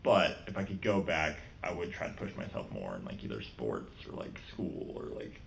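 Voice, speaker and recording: A young man co-hosting a podcast in casual chat, laid back and quick to laugh. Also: extremely low pitch, big pitch swings, vocal fry, a little hiss or hum, low-quality recording. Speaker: podcast co-host.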